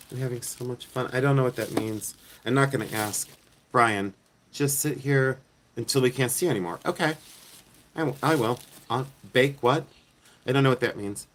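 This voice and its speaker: A middle-aged American man hosts a casual livestream outdoors at night, chatting with viewers and making self-deprecating jokes. He resells jewelry, and his mid-range voice moves at a moderate pace with frequent pauses. There's slight background noise.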